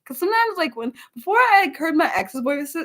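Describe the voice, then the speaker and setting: Very animated and a little fast, this young woman's high, fairly bright voice carries an unscripted livestream. She rambles, breaks off mid-sentence, and reads out replies to her chat.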